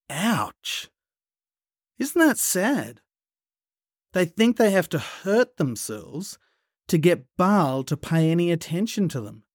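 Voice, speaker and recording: A man retelling a Bible story for children in a playful, animated way, with sudden hushed pauses. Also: fairly high pitch, no room sound, studio quality.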